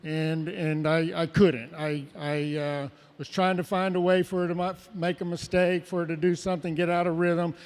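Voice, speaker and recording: A man giving a livestock judge's reasons in an earnest, halting way, heard over a public address system. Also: a little high, flat delivery, a little mellow, smooth. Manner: earnest, halting, repeats himself. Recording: echoing arena PA from afar.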